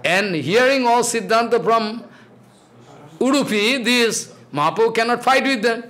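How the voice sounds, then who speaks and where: A man, his voice pitched high for a man, preaching a devotional sermon. He speaks in broken English and fires questions and rebukes at his listeners. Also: unhurried, fairly bright tone. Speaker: spiritual teacher.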